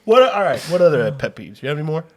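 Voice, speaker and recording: A man's voice: a little high, fast. A man co-hosting a podcast, chatting casually and easing into a joke with a chuckle. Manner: relaxed, chuckling joke teller. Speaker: podcast co-host.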